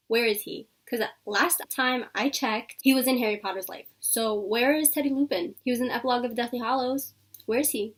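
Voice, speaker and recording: Gushing high-voiced woman book vlogger. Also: recorded from a distance. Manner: gushing, effusive, peppered with "like". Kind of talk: casual book review chat.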